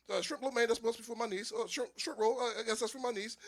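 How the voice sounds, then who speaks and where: Very high-pitched and fast, with hardly any pauses, a Philadelphia man rattles through a stand-up comedy set. In front of an audience at a small live venue, he tells loose, animated stories and keeps laughing at his own jokes.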